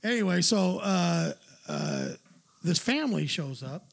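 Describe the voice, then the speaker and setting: A man with a high voice and a rough, gravelly edge tells a long story in loose, casual talk. He is middle-aged. He rambles, swears freely and laughs at his own anecdote. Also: huge pitch swings, unhurried. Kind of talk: casual chat, telling an anecdote.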